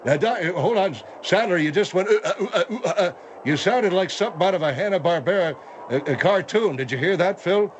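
A man's voice: high voice, lively intonation, brisk, lo-fi sound, slight background noise, pitched above the performer's own voice. A man doing a rambling wry sidekick. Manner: rambling, hesitant.

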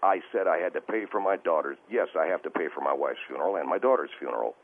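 A man's voice: low voice, quick pace, husky. A male caller on a radio show, defensive and rambling, stammering as he talks. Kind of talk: call-in radio conversation. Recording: phone-line call audio.

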